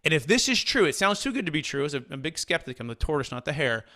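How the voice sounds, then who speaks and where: A man in his thirties from Northern California, a commercial real estate broker telling his life story in an energetic, conversational way. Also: on the high side, fast. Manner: energetic, repeats words when restarting.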